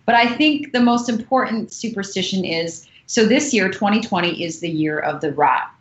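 A woman's voice: mid-range voice, expressive, moderate pace. A woman chatting casually on a podcast, earnest and full of fillers. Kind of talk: casual chat. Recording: echoey, dull lo-fi sound.

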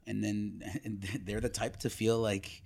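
A man's voice: fairly low pitch, unhurried, creaky. A man, a stand-up comedian, telling stories in a casual podcast chat and laughing often. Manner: animated storytelling, laughs often.

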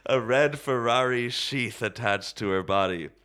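A man co-hosting a comedy podcast, reading a script aloud deadpan and haltingly. His voice is bright. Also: mid-range voice, smooth.

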